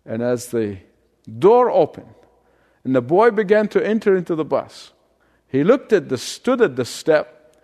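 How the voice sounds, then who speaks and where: A man preaching a sermon, telling a story with frequent chuckles and easing into quiet prayer. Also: a little high, sing-song, measured pace, in a large hall.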